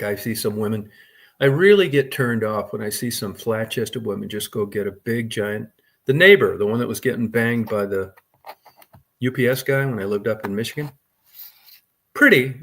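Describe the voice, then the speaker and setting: A man's voice: mid-range voice, a bit bright. Crude rambling male livestreamer. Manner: crude, rambling, swears often; talks to chat viewers by name. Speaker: livestream host. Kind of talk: casual livestream chat.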